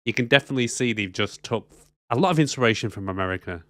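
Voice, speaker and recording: A man's voice: mid-range voice, animated, fast talker, a bit bright, no room sound. A man co-hosting a casual movie podcast, chatty and jokey, laughing often. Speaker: podcast co-host.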